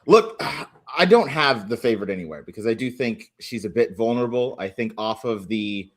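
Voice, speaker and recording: A man's voice: on the low side, fast, darkish tone. A man appearing as a guest on a racing podcast, thinking aloud as he breaks down the races and hedges his opinions. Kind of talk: casual analytical chat.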